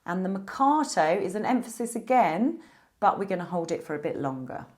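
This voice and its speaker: A woman teaching a beginner piano lesson, explaining musical symbols patiently and clearly. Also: medium pitch, very animated, fairly quick.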